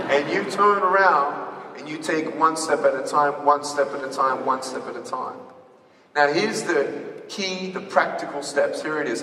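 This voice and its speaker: Animated man speaking in an echoey hall. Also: a little high, slight background noise. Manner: animated, addresses the audience with call-and-response questions. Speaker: motivational speaker. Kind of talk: live motivational speech. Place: large hall with an audience. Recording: echoey hall recorded from far off.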